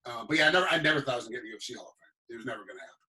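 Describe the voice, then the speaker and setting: Middle-aged guy talking quick, bright punchy voice, animated storyteller. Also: mid-range voice. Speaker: guest, former fighter. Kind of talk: casual chat.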